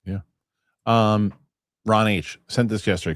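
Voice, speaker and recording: A man hosting a casual chat show, reading viewer comments aloud in a lively, swearing, quick-talking way. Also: on the low side, dry recording, studio quality. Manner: animated, swearing, quick asides. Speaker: show host.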